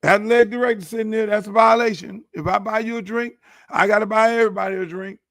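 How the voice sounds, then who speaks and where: A man's voice: sits high, steady tone, fast, a bit bright, no room sound, clean studio sound. A man who is a show host and football coach, venting in a heated, profane, repetitive rant. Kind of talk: casual ranting monologue.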